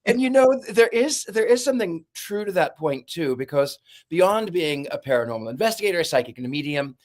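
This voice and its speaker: A man who works as a paranormal investigator and medium, telling lively stories in a casual podcast chat. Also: a little high, brisk. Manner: animated storyteller, acts out voices and screams.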